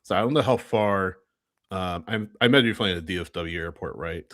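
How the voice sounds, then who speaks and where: A man's voice: low voice, brisk, fairly bright tone, no echo, clean studio sound. A man co-hosting a casual sports podcast, chatty and laughing often, correcting himself as he goes. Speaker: podcast co-host. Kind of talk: casual chat.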